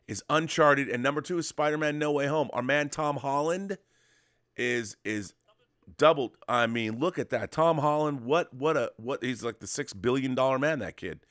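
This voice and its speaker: A man's voice: medium pitch, a bit bright, dry recording, studio quality. A man co-hosting a weekly talk show in casual chat, enthusiastic and rambling, with many restarts. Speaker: co-host of a weekly show about physical media. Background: dog at his feet.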